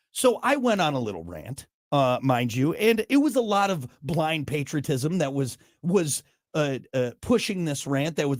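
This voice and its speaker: A man hosting a podcast in casual chat, ranting with animated, mock-outraged energy. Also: on the high side, no room sound, studio quality. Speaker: podcast host.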